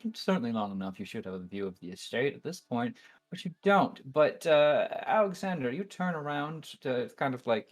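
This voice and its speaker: A man narrating a tabletop game as game master in a conversational manner. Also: medium pitch.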